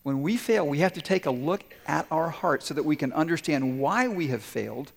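Animated male pastor in a reverberant hall. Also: fairly high pitch, moderate pace, gravelly. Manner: storytelling, animated quoting of characters. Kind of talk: sermon.

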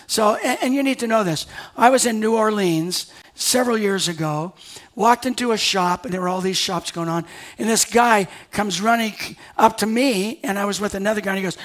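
A man's voice: sits high, fairly bright tone. A male pastor preaching a sermon, reading scripture and breaking into conversational asides with sudden emphatic rises.

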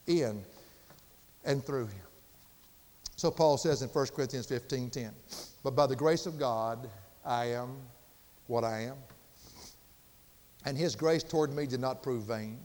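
An older man preaching a sermon with passion, swinging from loud emphasis to hushed, quiet tones. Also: medium pitch, takes it slowly, long pauses, long reverb tail. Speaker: pastor.

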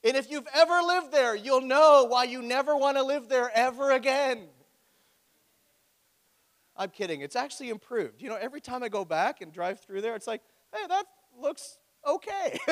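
A man's voice: very high voice, a bit bright. A man preaching a sermon as pastor, with a joking, conversational storytelling manner. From Ontario, Canada. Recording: echoey hall.

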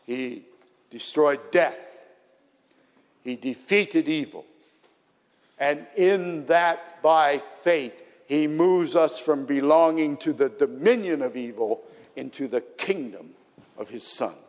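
Male pastor, slightly raised pitch, earnest sermon delivery with emphatic builds, long reverb. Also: takes it slowly.

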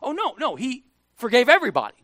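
A male pastor giving a conversational sermon, animated, swinging from hushed asides to loud, emphatic bursts. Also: very high voice, fast, no room sound.

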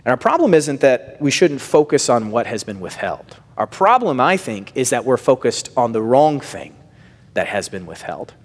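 A man preaching a sermon, swinging from emphatic lines down to hushed, near-whispered phrases. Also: mid-range voice, slightly rough. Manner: wide swings of loudness, dropping to near-whisper on key phrases. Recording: long reverb of a large hall.

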